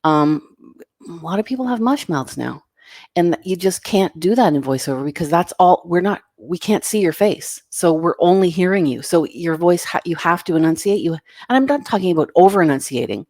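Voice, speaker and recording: Low, gravelly-voiced frank casting director. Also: female voice, lively intonation, fairly quick, a little mellow, dry recording, studio quality. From Canada. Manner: frank, emphatic, plain-spoken advice. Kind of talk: casual interview answers.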